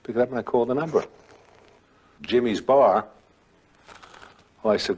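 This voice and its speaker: An older man telling a ghost story in a rambling, conversational way, with dramatic pauses and acted-out quotes. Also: mid-range voice, a little mellow, slightly rough.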